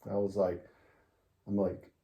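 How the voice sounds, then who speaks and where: A man's voice: deep voice, a little slow, gravelly, highs cut off. Middle-aged man telling a story, roomy sound. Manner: animated storyteller, laughs often. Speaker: interviewee, father of the host. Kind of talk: casual storytelling interview. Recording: roomy echo.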